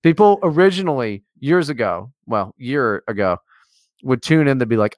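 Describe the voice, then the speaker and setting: Brief: male podcast co-host, mocking and profane, animated pitch, dry close sound. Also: normal speed, dry recording. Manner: profane, teasing, rambling. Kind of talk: casual podcast banter.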